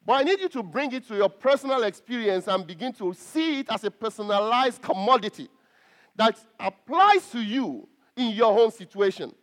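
A man's voice: very high voice, animated, normal speed. A man preaching a sermon to a congregation, stressing key words and often repeating himself as he restarts.

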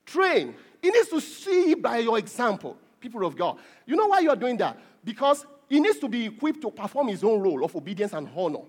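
A middle-aged male pastor preaching a sermon, emphatic, with repeated words that build to loud peaks. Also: very high-pitched, big pitch swings, a little fast, hardly any pauses, breathy edge.

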